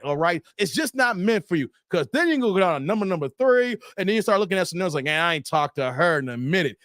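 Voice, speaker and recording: A man's voice: high voice, fairly bright tone, no room sound, clean studio sound. A man hosting a casual live stream, reading viewer comments aloud and laughing often.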